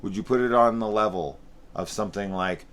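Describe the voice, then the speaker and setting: A man with a very deep, low voice delivers a profane, sarcastic film review rant. He swears freely and slips into mocking, overdone voices when quoting scenes. A faint hiss of noise sits under his voice. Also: brisk, a bit bright.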